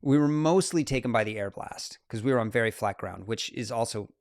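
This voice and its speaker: A man in his forties recounts his climbs as an interview guest. His voice sits at an ordinary mid pitch. It is recorded close to the mic in a dry, dead room. He talks animatedly, full of laughs and quick asides. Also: dry recording. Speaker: guest, mountain climber and photographer. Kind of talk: casual interview storytelling.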